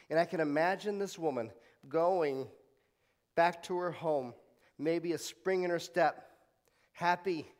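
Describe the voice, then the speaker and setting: Preacher man swinging loud to hushed. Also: fairly high pitch, measured pace, long pauses, in a large hall. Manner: leads congregation in call-and-response repetition. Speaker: pastor. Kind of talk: sermon.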